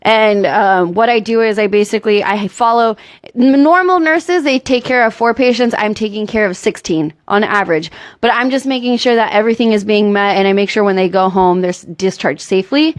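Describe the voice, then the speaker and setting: A woman's voice: mid-range voice, a little fast, clean tone. A young woman, a nurse and comedian, talking in a casual comedic interview, playful and teasing with frequent laughs.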